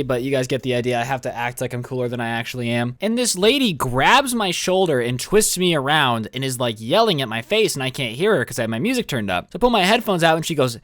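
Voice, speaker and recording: A young man telling a storytime vlog about his first job in an animated, sarcastic rant. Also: medium pitch, fast, few pauses, no room sound, studio quality. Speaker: vlogger.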